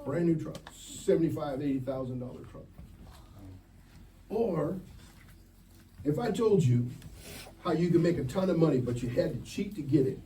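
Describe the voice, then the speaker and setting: A man's voice: a little high, lively intonation, moderate pace, pauses often, warm tone. A man preaching a sermon to teenagers at a youth camp, direct and joking, firing questions at the crowd. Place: church camp meeting. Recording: distant mic with faint ambient noise.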